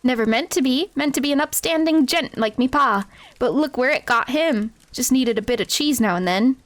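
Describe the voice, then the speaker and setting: A woman's voice: high voice, moderate pace, natural voice. A woman reading the lines of a scrappy, cheeky male street-raised critter from a cozy game.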